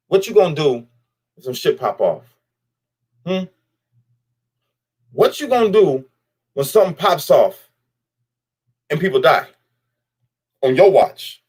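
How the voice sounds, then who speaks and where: A man's voice: mid-range voice, very animated, normal speed, pauses often, a little mellow, breathy edge. A man delivering a blunt, profane commentary straight to camera, addressing someone directly and repeating lines for emphasis. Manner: blunt, profane, speaks straight to the person he criticizes. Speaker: vlogger.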